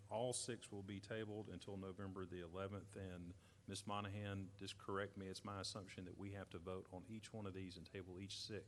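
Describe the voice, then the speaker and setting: Man, deep voice, fast clipped chairman reading the agenda, faint gym ambience. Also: slight background noise. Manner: brisk, routine parliamentary phrasing. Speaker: board chairman. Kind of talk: formal meeting procedure. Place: community center gym.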